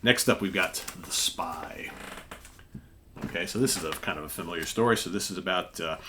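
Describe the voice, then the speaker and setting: A man with a very low voice hosts a casual comic book review, retelling old stories in a chatty, rambling way. A faint hiss sits behind him. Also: normal speed, bright, forceful tone. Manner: chatty, recounting stories with filler words. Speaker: comic book show host.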